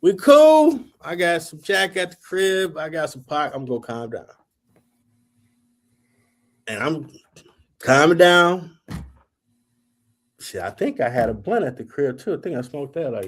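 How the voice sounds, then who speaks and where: A man's voice: a little high, a little slow, pauses often. A man hosting a talk show, telling a story in casual chat, acting out the dialogue and swearing freely. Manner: animated, acts out quoted dialogue, swears freely. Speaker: podcast host.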